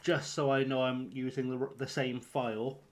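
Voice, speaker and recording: A man's voice: mid-range voice, flat delivery, normal speed. A man live-streaming a football management game, rambling and flustered as he talks himself through picking his team. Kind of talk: live-streamed gameplay commentary.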